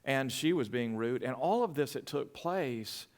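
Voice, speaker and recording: A man's voice: medium pitch, lively intonation, measured pace. A middle-aged man, a pastor telling a story in his sermon, full of restarts and fillers.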